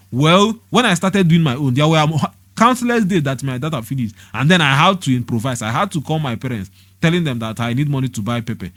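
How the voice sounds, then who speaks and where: A man's voice: fairly high pitch, no echo, studio quality. A young Nigerian man giving a preachy, scolding monologue, hammering the same points with rhetorical questions. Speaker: motivational vlogger.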